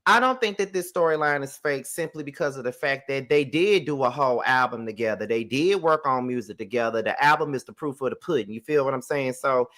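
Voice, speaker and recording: A man's voice: mid-range voice, expressive, fairly quick, hardly any pauses, a bit bright. A man hosting a commentary channel, reacting to a clip in a skeptical, slangy, conversational way. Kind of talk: casual commentary.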